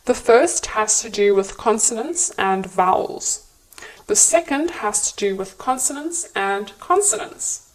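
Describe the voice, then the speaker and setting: A woman reads a scripted lesson on English pronunciation, spelling out each point clearly and with care. She speaks slowly and deliberately, in a voice of middling pitch. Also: rough recording. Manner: clear, measured teaching delivery.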